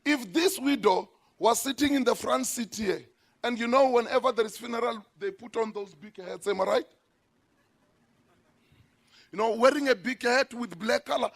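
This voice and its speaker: A man preaching a sermon as a pastor in a church, emphatic, with sudden shouted lines. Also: very high-pitched, moderate pace, creaky.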